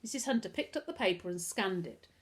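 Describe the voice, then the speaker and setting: A woman reading a children's chapter book aloud in an expressive, animated way. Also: medium pitch, quick pace.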